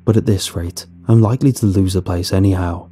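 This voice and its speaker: A man's voice: low voice, fairly even intonation, brisk, mellow, breathy edge, faint music behind. A man voicing a despairing old male farmer who grumbles bitterly, in a horror story reading. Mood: grumbling.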